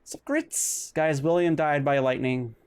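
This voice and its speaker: A male game streamer talks through a retro detective game in loose let's-play commentary. His voice swings up and down in pitch. He rambles, restarts his words, and breaks into sudden exclamations and self-mocking asides. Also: animated, measured pace.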